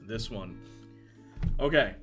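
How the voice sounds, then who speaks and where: A young man streaming casual commentary, animated, laughing often and answering chat. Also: on the low side.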